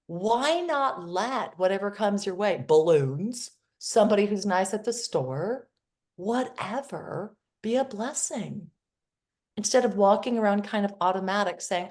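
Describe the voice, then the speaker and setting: A woman's voice: mid-range voice, lively intonation, measured pace, a little mellow. Earnest storytelling woman guest. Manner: earnest storyteller who acts out the other people in her anecdotes. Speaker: podcast guest. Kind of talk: casual conversational interview.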